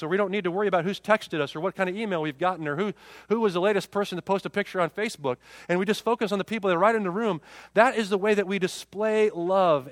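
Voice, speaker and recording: A man's voice: high-pitched, dry recording. A man in his forties, a pastor preaching a sermon, often repeating words as he goes. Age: 40s.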